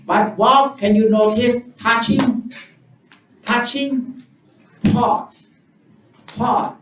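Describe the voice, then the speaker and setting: A Buddhist monk with an Indonesian accent leads a meditation in slow, simple, repetitive English, leaving long gaps between his words. He is heard from a distance in a reverberant hall, with a faint hum of room ambience behind him. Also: very high voice, steady tone. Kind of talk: guided meditation teaching.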